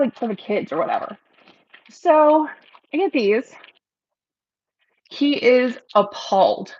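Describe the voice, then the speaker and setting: A chatty woman hosts a casual livestream with a slightly high voice, wandering from thought to thought and breaking into laughs as she goes. The sound is a bit muffled and lo-fi. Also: a bit bright, breathy edge. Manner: chatty and rambling, laughs often. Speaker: realtor hosting a livestream.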